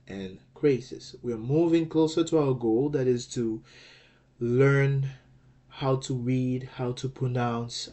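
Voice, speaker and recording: Slow, mellow-voiced male language teacher. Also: medium pitch. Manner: deliberate, repeats and rephrases with fillers. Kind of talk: slow explanatory lesson.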